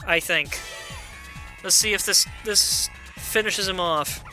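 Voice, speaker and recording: A man with a high, very bright voice chatting casually through a game playthrough, reading dialogue aloud between his own remarks. Quiet game music runs underneath him. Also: slow. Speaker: gameplay commentator. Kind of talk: let's play commentary.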